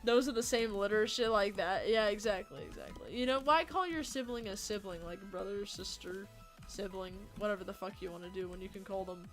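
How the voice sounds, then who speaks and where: A young woman livestreams to her viewers, chatting casually, rambling, joking and swearing freely. She speaks briskly at medium pitch, with faint game music in the background.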